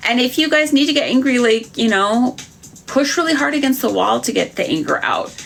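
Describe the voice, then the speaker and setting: A woman's voice: a little high, lively intonation, fairly quick, gravelly, fairly bright tone. A woman doing psychic readings on a live stream, talking frankly to viewers in a chatty way with many fillers.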